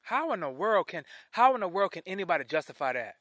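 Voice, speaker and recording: A male vlogger rants his opinions to the camera, indignant, repeating himself and restarting phrases. His high voice swings widely in pitch and he talks fast with a slightly bright tone, in a dry, studio-quality recording.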